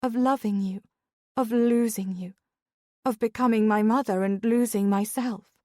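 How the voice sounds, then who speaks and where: A woman reading a romance audiobook, voicing a strong-willed young lady with a wry, warm, gently playful manner. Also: on the high side, steady tone, a little slow, dry recording, lightly acted. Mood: wistful.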